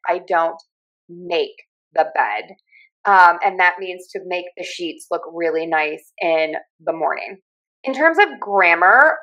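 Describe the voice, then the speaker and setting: Working as a speech pathologist and communication coach, this Pittsburgh, USA native has a Pittsburgh accent and explains accents the way a friendly teacher would, spelling out every point and pausing to model vowels. She speaks at a normal middle pitch for a woman with a fairly bright tone, though the audio is poor.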